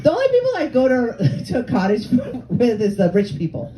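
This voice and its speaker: A woman's voice: fairly high pitch, huge pitch swings, brisk, low-quality recording. A woman in her forties from Lebanon and Canada, doing a brash, profane, self-mocking stand-up comedy set on a comedy club stage. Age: 40s. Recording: live club crowd laughing.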